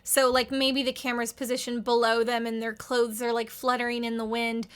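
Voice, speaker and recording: A woman's voice: a little high, flat delivery, a little fast, a bit bright, clean tone. A woman in her thirties giving rambling, wry casual commentary with lots of "like". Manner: wry, rambling, heavy use of "like". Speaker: video essayist.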